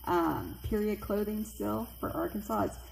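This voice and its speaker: Animated woman telling a spooky story. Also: moderate pace, gravelly, slight background noise. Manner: animated, acts out quoted voices with big pitch jumps. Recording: echoey room with faint ambience.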